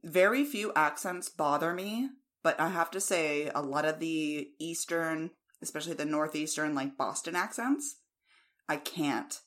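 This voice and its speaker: A woman's voice: deep voice, measured pace, a bit bright. An American woman co-hosting a podcast in casual chat, speaking frankly and with plenty of opinion. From United States. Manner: frank, opinionated, laughs easily. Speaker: podcast co-host.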